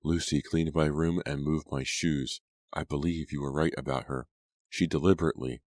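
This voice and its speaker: A man's voice: rumbling low, fairly even intonation, moderate pace, a little mellow, no room sound, clean studio sound. A man voicing a stern, accusing young woman. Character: young woman, sharp-tongued suspicious sister. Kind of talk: audiobook character reading.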